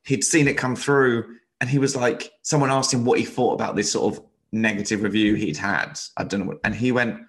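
A man's voice: mid-range voice, steady tone, brisk, hardly any pauses. Chatty man on a podcast. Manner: chatty, many likes and restarts. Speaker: podcast co-host. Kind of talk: casual chat.

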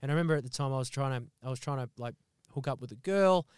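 A young Australian man and podcast co-host telling animated, sarcastic, sweary stories in casual chat. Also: mid-range voice, very fast, clear, resonant tone, dry recording, studio quality.

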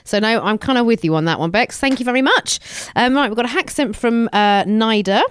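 A woman co-hosting a comedy podcast, animated and giggly, a little hoarse from a chest infection. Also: fairly high pitch, brisk. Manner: animated, giggly, swears casually. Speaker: podcast co-host. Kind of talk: casual comedic chat.

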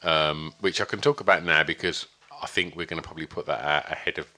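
A man's voice: extremely low pitch, fast talker. A man hosting a podcast, telling stories in casual chat and acting out what others said. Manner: animated storyteller, voices others in quotes. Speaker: podcast host.

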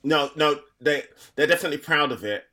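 A man's voice: fairly high pitch, a little fast, sharp tone. A man with a Black Country accent, a stand-up comedian chatting casually on a podcast, rambling with frequent restarts and laughter. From Black Country, England.

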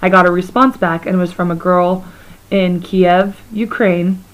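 A young woman co-hosting a podcast in rambling casual chat, her voice slightly hoarse and froggy. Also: fairly low pitch, steady tone, unhurried, low-quality recording. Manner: rambling, chatty, laughs often. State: slightly hoarse, froggy from talking loudly at a bar. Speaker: podcast co-host.

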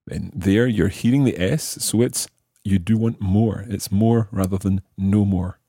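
A man hosting a language lesson podcast, explaining French phrases slowly and carefully. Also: on the low side, warm tone, husky, no room sound, clean studio sound. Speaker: language teacher host.

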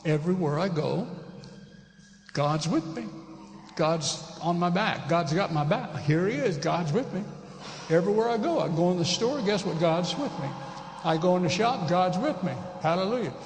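A man's voice: high voice, animated, normal speed, a little hiss or hum. Man, pastor, conversational sermon, emphatic repetition, echoey church hall, long reverb. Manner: emphatic, repeats key phrases.

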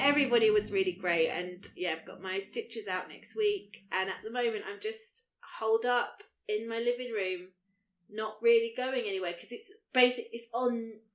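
A woman in her thirties co-hosts a podcast and tells a story in casual chat, acting out the people in it while laughing. Her voice is a little high, with a roomy sound.

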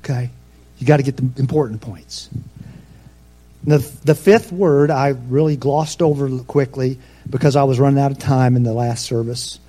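A pastor preaching a sermon, swinging between loud emphatic peaks and soft, low asides. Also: male voice, slightly rough.

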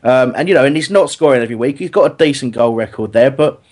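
A man's voice: mid-range voice, quick pace. A man hosting a football chat podcast, arguing his point with lots of restarts. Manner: animated, argumentative, lots of restarts. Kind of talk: casual chat.

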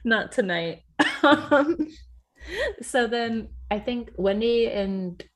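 A woman's voice: fairly high pitch, expressive, drawn-out words. A woman co-hosting a podcast in casual chat, swearing freely, laughing often and acting out the voices of people she quotes. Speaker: podcast co-host.

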